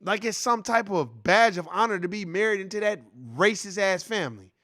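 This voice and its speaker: A man's voice: high voice, fairly quick, pushed and bright. A man giving a heated, profane reaction commentary in a casual, repetitive ranting style.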